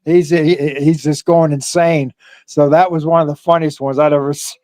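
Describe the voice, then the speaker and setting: An older man speaks in a slightly raised pitch, his voice close and dry with no room around it. He tells old stories loosely and haltingly, stacking fillers and restarts. He laughs as he goes. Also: level tone, a little mellow, no echo. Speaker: former pro wrestler, guest. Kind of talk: casual storytelling interview.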